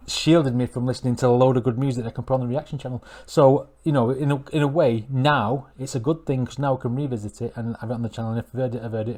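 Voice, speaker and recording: Man, middle-aged, casual reaction commentary, rambling, excitable, mid-pitched voice. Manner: rambling, self-correcting, excitable. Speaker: music reaction channel host.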